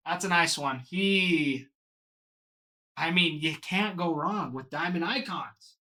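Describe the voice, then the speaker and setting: A man's voice: fairly high pitch, takes it slowly, bright, forceful tone. A man hosting a live card box break, talking to viewers by name and gushing over each card.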